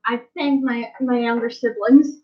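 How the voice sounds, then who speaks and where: A woman playing a character at a tabletop game, with quiet, playful remarks, in a lo-fi recording. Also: fairly high pitch, fairly even intonation, a little slow. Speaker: player.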